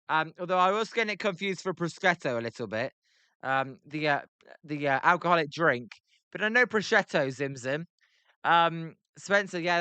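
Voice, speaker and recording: Young British streamer calling a ball game loosely, reading chat; clear, smooth, slightly high voice. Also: male voice, bright, forceful tone, dry recording. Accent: British English. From Britain. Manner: rambling, many ums, reads chat aloud. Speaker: livestream commentator. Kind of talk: casual play-by-play with chat reactions.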